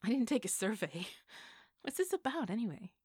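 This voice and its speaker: A woman's voice: mid-range voice, lively intonation, normal speed, no echo, clean studio sound, lightly acted. A woman voicing a teasing, protective young woman who questions her twin brother in a storybook reading. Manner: teasing, demanding.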